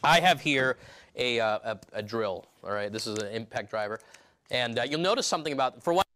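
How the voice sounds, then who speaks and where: A pastor preaching a sermon in church, emphatic, with repeated restarts and rhetorical questions. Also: male voice, medium pitch, animated, a little fast, sharp tone.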